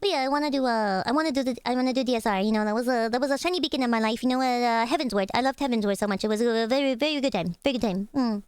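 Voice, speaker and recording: A young woman chats loosely with her stream, swearing offhand and giggling between remarks. Her voice is high and smooth, and the sound is dry and close to the mic. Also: very fast, hardly any pauses, dry recording. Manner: chatty, swears casually, giggles. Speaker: livestreamer. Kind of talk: casual reaction stream chat.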